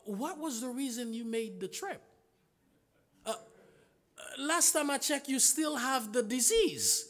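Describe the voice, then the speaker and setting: High, animated male preacher. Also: measured pace, long pauses. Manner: emphatic, rhetorical questions, retelling stories in voices. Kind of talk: sermon.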